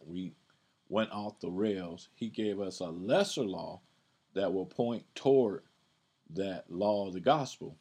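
Low, husky-voiced male podcast host; relaxed Bible teaching, repeats himself, stresses verses he reads. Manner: conversational, repeats words, reads verses aloud with emphasis. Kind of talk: casual scripture teaching.

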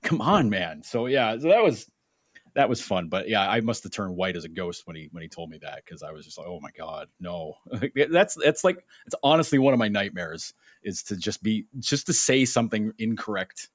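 A young man co-hosting a sports podcast, telling a story in a casual, animated way and acting out the voices in it. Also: lowish voice, fairly quick, dry recording. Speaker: podcast co-host. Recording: dull lo-fi sound, dry.

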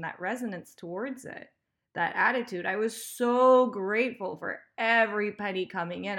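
A woman's voice: medium pitch, a bit bright. A woman hosting a podcast, giving a candid motivational monologue, emphatic, swearing freely and laughing often. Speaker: podcast host.

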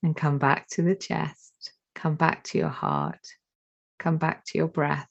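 A woman leading a guided meditation, giving slow, soothing instructions with long pauses between phrases. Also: sits low, fairly even intonation, gravelly. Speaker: meditation teacher. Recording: dull lo-fi recording.

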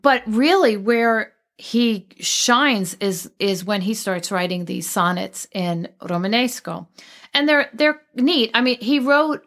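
A woman's voice: fairly high pitch, slow, a bit bright. A woman speaking as a guest in a casual conversation about a poet, chatty and digressive, often restarting her sentences.

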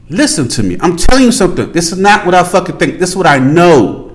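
Man, podcast host, high voice, very animated pitch, profane emphatic rant, repeats himself, talks straight to listeners. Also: fast talker, rough recording. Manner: addresses listeners directly with slang. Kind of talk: casual opinion monologue.

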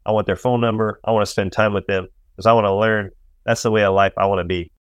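Man, golf caddie guest, low voice, earnest storyteller, acts out quotes, dry close mic. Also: fairly even intonation, fast talker, clean tone, no echo. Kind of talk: faith-based interview talk.

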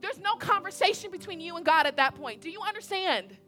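Bright high-voiced woman preaching. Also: a little fast, soft background music. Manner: animated, conversational, repeats points, asks audience questions. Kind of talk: sermon.

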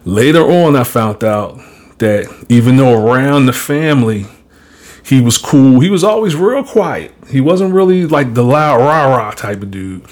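Male podcast host, casual storyteller, blunt and profane, mid-pitched. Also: animated, unhurried, darkish tone.

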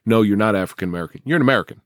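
A man's voice: on the low side, very fast, no echo, clean studio sound. A man hosting a podcast who speaks bluntly and emphatically, giving strong opinions. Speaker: podcast host. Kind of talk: conversational podcast talk.

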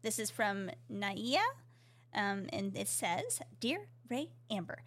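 A woman's voice: medium pitch, sing-song, takes it slowly. A woman co-hosting a casual podcast, reading listener emails aloud in a giggly, rambling way and stumbling over her words. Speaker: podcast co-host.

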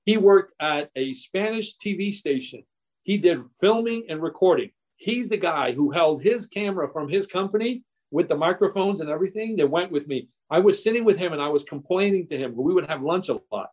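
A man in his sixties, a real estate investor being interviewed, telling quick, animated anecdotes with frequent restarts. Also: sits high. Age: 60s. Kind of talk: storytelling in a podcast interview.

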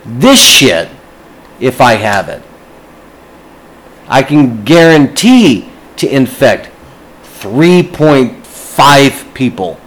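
A man's voice: mid-range voice, sing-song, very slow, pauses often, fairly bright tone, low-quality recording. A man ranting casually to camera, agitated and swearing constantly.

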